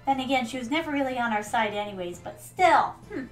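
A woman's voice: on the high side, expressive, fast, hardly any pauses, faint music behind, rough recording. A woman streaming a video game, chatting casually and playfully, often calling her viewers "my darlings.". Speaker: VTuber streamer. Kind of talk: casual gameplay commentary.

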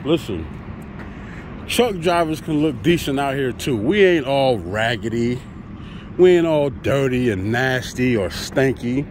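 Slow, animated trucker man. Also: medium pitch, slight background noise. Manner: laid-back, chatty, talks straight to viewers. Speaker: truck driver vlogger. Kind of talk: casual vlog talk to camera. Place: outdoors by a truck at a loading site.

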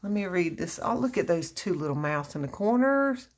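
A woman's voice: fairly low pitch, animated, moderate pace. A woman chatting casually on her crafting vlog, gushing with effusive exclamations as she opens a gift. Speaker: crafting vlogger opening happy mail. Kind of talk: casual unboxing chat.

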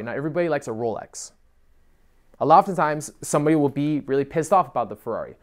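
A young man speaking fast to camera, giving dating advice in a casual, profane, animated rant. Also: medium pitch.

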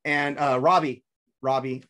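A man's voice: mid-range voice, steady tone, unhurried, fairly bright tone. Rambling, cursing man storyteller. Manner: rambling, swears a lot, restarts sentences. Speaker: podcast co-host. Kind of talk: casual chat.

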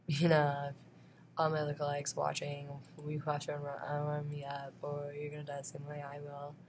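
A woman's voice: deep voice, noisy background. A woman talking straight to camera in a rambling vlog monologue, often breaking into laughs between phrases. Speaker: vlogger.

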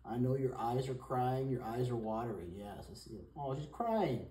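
A woman talking softly to her cat at home, coaxing and soothing it with repeated reassurances. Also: rumbling low, animated, normal speed, hardly any pauses. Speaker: cat owner. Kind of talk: talking to a pet. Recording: roomy, from away from the mic.

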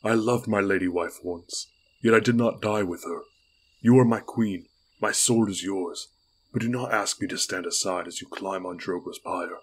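A man's voice: low-pitched, steady tone, moderate pace, husky. A man reading the part of a loyal middle-aged knight in an audiobook, pleading earnestly with his queen.

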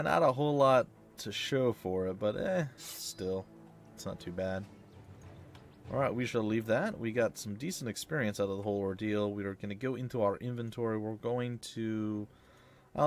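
Excitable man doing gameplay commentary. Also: lowish voice. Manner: excitable, chatty, reacts loudly to hits and misses. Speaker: let's play host.

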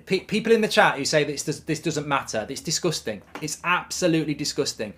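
A man reacting live to a football match as a fan, fuming and swearing, speaking haltingly. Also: fairly high pitch, very animated, fairly bright tone, a little hiss or hum.

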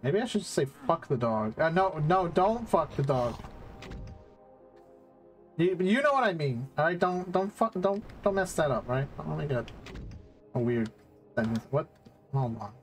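A young man with a slightly high voice talks through a game stream, swearing freely and cooing at an in-game dog. Faint game music plays behind him. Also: animated, normal speed. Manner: swears often, reacts loudly, coos at a dog in the game. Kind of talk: casual let's-play commentary.

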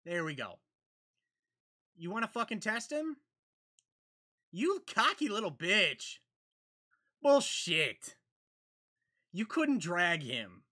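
A man hosting a reaction video, cursing and yelling angry outbursts at the screen between muttered commentary. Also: high-pitched, big pitch swings, slow, long pauses.

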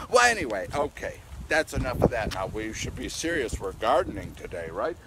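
A man's voice: medium pitch, moderate pace, few pauses, background noise. Playful pastor guy talking to kids out in his garden, voice jumps all over, faint cars going by. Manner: playful, animated, talking to children. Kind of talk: children's message. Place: outdoors at his home garden. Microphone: handheld camera.

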